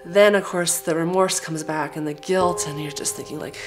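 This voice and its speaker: A woman's voice: sits low, fairly even intonation, normal speed, over music. A woman telling her story as a mother in a documentary, raw and emotional. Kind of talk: documentary testimony.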